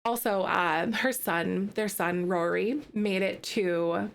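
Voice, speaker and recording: A woman's voice: mid-range voice, slow pace, creaky. A woman streaming a life-sim game, chatting to her viewers in a loose, filler-heavy way. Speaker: gaming streamer. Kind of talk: live-streamed gameplay commentary.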